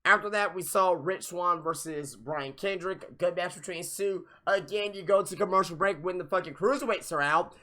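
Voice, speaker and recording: Young guy ranting on a wrestling podcast, super bright sharp voice, kinda high, swears a lot and keeps blowing up. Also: normal speed, hardly any pauses. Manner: profane, exasperated ranting with sudden loud outbursts. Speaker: podcast host reviewing wrestling. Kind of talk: live wrestling review rant.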